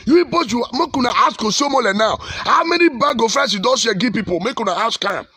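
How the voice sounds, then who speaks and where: A man's voice: extremely high pitch, animated, fast, sharp tone, husky, no echo, studio quality. A man with a Nigerian accent, a pastor delivering fiery, repetitive exhortation on the state of his country. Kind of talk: impassioned social commentary.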